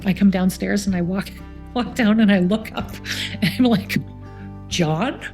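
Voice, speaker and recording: Middle-aged Canadian woman, gravelly and mellow, youth centre coordinator, lively anecdotes with quoted voices. Faint guitar underneath. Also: mid-range voice, a little slow. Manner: warm anecdotal storytelling, acts out quoted voices. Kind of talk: storytelling interview.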